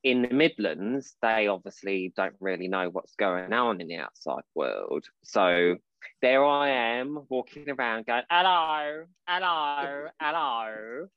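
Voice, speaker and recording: A man from Portsmouth, chatting casually as a podcast co-host, telling lively stories and acting out voices. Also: on the low side, unhurried, no room sound, highs cut off. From Portsmouth, England. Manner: chatty storyteller, calls his partner babe, acts out voices in quotes. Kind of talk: casual chat.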